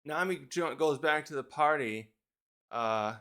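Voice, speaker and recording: A man's voice: fairly high pitch, measured pace, bright, forceful tone, clean tone. A man giving a casual, rambling chapter review, thinking aloud and correcting himself as he goes. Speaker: manga reviewer.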